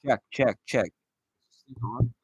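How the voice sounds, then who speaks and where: A man's voice: medium pitch, normal speed, slightly rough, no room sound, lo-fi sound. A man in his forties rambling and ranting sarcastically and profanely as he hosts his show solo. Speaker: podcast host. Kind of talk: solo casual rant.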